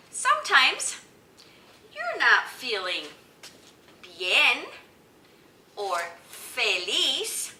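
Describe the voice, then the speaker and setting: A woman teaching children, speaking slowly with exaggerated sing-song prompts for them to repeat. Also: mid-range voice, bright, forceful tone, far from the mic, a little hiss or hum. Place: indoor room, teaching with picture cards. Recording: echoey room, voice from afar.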